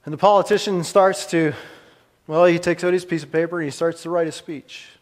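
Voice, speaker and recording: A man's voice: on the high side, fairly even intonation. Male pastor preaching in an echoey hall. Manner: dramatic pauses, swings from emphatic to hushed. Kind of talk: sermon.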